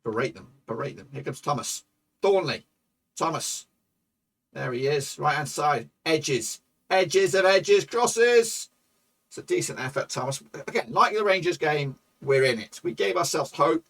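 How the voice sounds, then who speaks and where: Gravelly excitable guy calling his football manager match, a bit off-mic, pitchy voice. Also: a little slow, distant mic. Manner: excitable, swearing, shouts at goals. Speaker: gaming YouTuber. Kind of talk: live commentary over a football management game.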